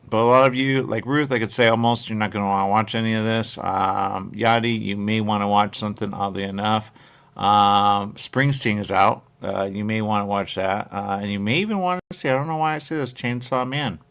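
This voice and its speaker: A man's voice: lowish voice, fairly quick, vocal fry, a bit bright. A man hosting a live radio show, rambling casually, reading viewer comments and repeating himself often. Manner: rambling, repeats "there you go", reads chat comments aloud.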